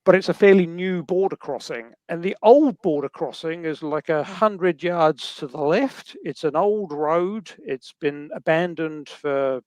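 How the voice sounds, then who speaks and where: A man's voice: a little high, measured pace, hardly any pauses, a little mellow, dry recording. A man, a podcast guest telling a rambling story with chuckles. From New Zealand. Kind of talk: casual podcast chat.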